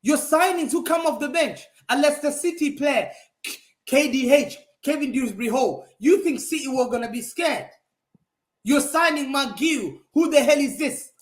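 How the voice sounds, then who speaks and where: Male fan-show pundit, high voice, swinging pitch, mocking and emphatic, roomy echo on the recording. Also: moderate pace. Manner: animated, mocking, emphatic repetition. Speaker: football pundit. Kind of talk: heated football fan talk show rant.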